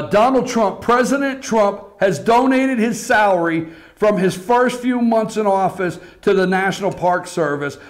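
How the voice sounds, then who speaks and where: A man hosting a political commentary show, talking to the audience in an animated, repetitive way and calling them folks. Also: high-pitched. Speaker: political talk show host. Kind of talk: opinionated commentary.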